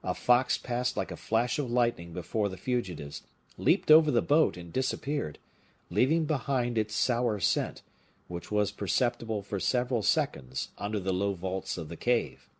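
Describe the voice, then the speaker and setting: A man narrating an adventure novel as an audiobook in an expressive storytelling manner. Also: on the low side, moderate pace, breathy edge.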